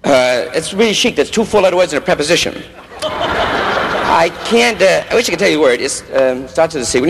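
Gravelly New comedian with noisy sound. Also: male voice. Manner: acts out cops and judge in low gruff voices. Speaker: stand-up comedian. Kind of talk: stand-up comedy routine.

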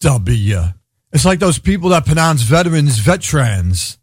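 A man's voice: on the high side, sing-song, normal speed, husky, no echo, studio quality. A man with a Brooklyn accent hosting a radio show, rambling sardonically and laughing at his own jokes. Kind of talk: irreverent comedic radio monologue.

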